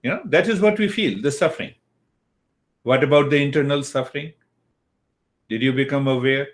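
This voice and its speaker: An older man teaching a yoga philosophy lesson, who asks questions and answers them himself. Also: mid-range voice. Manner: slow and deliberate, asks and answers his own questions.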